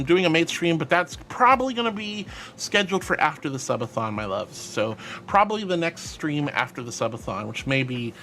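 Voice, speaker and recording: A bubbly man chats on a live stream and reads out chat messages, his voice bright and a little high. He swoops all over his range and keeps calling viewers sweetie. Soft music plays faintly behind him.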